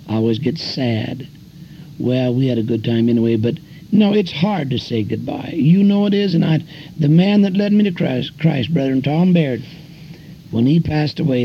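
An older man preaching as an evangelist, telling folksy stories and pushing his voice sharply higher on emphasis. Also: slight background noise. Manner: folksy storytelling preacher, voice climbing high in emphasis. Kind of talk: sermon. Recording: dull lo-fi recording with faint music.

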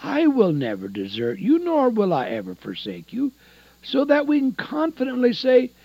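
Older preacher, husky and dynamic. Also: male voice, wildly swooping pitch, normal speed, dry recording, dull audio. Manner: swings between loud emphasis and hushed low asides. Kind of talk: sermon.

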